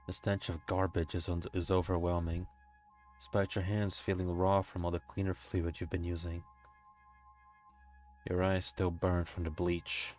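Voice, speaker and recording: Low-voiced guy streamer reading a text game out loud, keeps cracking up and swearing, faint music underneath. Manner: breaks into giggles and profane asides.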